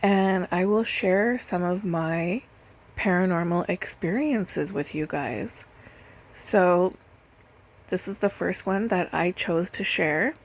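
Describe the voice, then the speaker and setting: A woman's voice: lowish voice, slow. A woman doing a casual storytelling voice-over, chatty and full of "like" and "literally". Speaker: nail and lash technician telling stories. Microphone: voice-over recorded separately.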